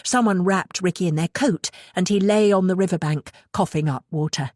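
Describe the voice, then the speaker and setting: Low-voiced woman reading an audiobook. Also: moderate pace, darkish tone, no room sound, clean studio sound. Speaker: audiobook narrator. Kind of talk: scripted narration.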